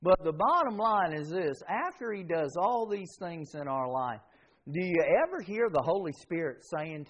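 A man preaching a sermon as pastor, swinging between loud emphasis and soft, quiet passages. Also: fairly high pitch, animated, moderate pace. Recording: dull lo-fi sound.

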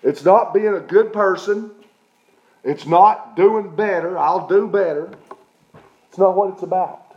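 A man's voice: high-pitched, a little slow, roomy sound, lo-fi sound. A middle-aged man preaching a sermon as pastor, emphatic, often checking in with his listeners. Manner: emphatic preaching with repeated "okay?" check-ins.

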